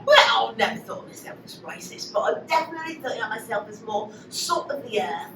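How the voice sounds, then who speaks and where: A woman's voice: fairly high pitch, animated, a little fast. A woman performing improv comedy, playful and joking, slipping in and out of put-on accents. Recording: echoey room, mic from a distance, noisy.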